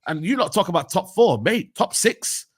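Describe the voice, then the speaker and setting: A man's voice: high-pitched, sing-song, moderate pace, husky. A young man, ranting about football in a heated casual debate, full of slang. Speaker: football pundit and United fan.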